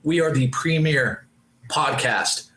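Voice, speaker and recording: A male podcast host who keeps the banter joking and hyped. His voice sits a little high and bright. It bounces around an echoey room with faint noise underneath. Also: takes it slowly. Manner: joking, hype-style banter. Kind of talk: casual podcast chat.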